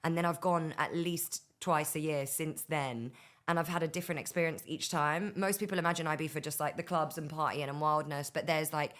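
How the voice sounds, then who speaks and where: A woman's voice: low voice, steady tone, brisk, a bit bright. A woman in her thirties from Bristol, with a London-tinged accent, chatting casually as a guest and laughing often. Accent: London-influenced English. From Bristol, England. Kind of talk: casual chat.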